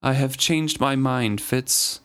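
A man reading the lines of a dying old king, betrayed by his son, in a quiet, grave voice. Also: medium pitch, slow. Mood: grieving. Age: older.

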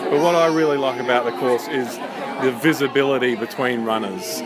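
A man's voice: mid-range voice, fairly quick, over music. A man chatting enthusiastically about his parkrun course, interviewed in a busy cafe. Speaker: parkrun event organiser. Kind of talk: casual outdoor interview. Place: busy cafe outdoors after a run. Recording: crowd chatter behind.

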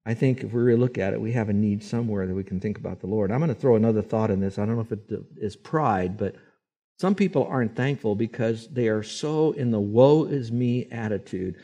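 A man preaching a sermon, animated and acting out voices when he quotes people. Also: on the low side, brisk. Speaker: pastor.

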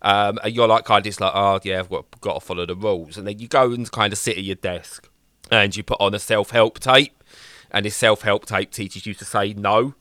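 A young man chatting casually, rambling and animated, slipping into little voices. His voice sits low but comes across bright and forceful. The sound is dry and close. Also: moderate pace, no echo. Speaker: podcast co-host reviewing games. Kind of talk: casual chat.

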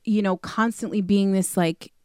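A woman's voice: medium pitch, fairly even intonation, normal speed, darkish tone, clear, resonant tone, no room sound, studio quality. A woman from the New York area co-hosting a podcast, talking about a movie in an enthusiastic, conversational way. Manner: enthusiastic, conversational, fillers like "like" and "you know". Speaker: podcast co-host. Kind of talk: casual movie discussion.

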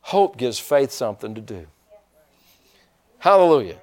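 Animated preaching man with a lively voice. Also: mid-range voice, measured pace. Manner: animated preaching with call-and-response questions to the congregation. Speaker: pastor. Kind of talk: sermon. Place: church sanctuary.

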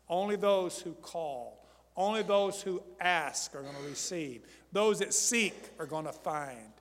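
Male preacher, high voice, repetitive fervent delivery, long hall reverb. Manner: repetitive, building to loud fervent emphasis; calls out to the congregation for responses. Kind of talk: sermon.

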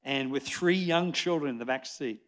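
An Australian man in his sixties preaching a lively sermon to a church congregation, chatty and jokey, rambling with restarts. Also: medium pitch, moderate pace. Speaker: pastor. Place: church service before a congregation.

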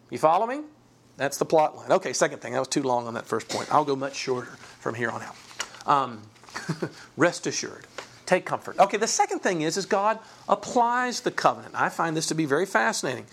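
A Bible teacher giving an informal class, talking conversationally, often repeating words and checking in with rhetorical questions. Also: mid-range voice.

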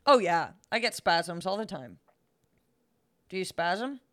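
A woman's voice: fairly low pitch, big pitch swings, slow, fairly bright tone. A woman co-hosting a podcast in casual chat, giggly and tripping over her words. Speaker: podcast co-host.

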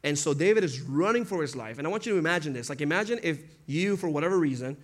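A man's voice: fairly high pitch, animated, quick pace. A young man preaching a casual sermon, talking conversationally, acting out quotes and laughing often.

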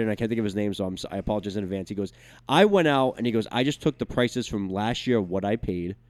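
Smooth-voiced man rambling on a talk show. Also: medium pitch, no echo. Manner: rambling, animated storytelling with many restarts. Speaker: podcast co-host. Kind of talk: casual sports talk-show banter.

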